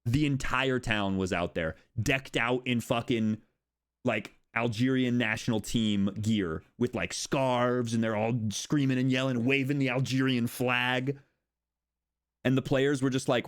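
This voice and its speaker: A young American man streaming casual chat, rambling and animated, swearing and laughing often as he talks. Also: medium pitch, a little slow, clean tone. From United States.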